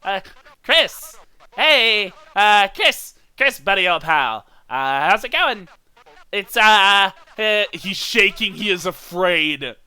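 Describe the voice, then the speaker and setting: A man's voice: high-pitched, lively intonation, slow pace, pushed and bright, smooth, heavily acted, poor audio. A man voicing a nervous, flustered TV-headed game show host who stammers with fake cheer.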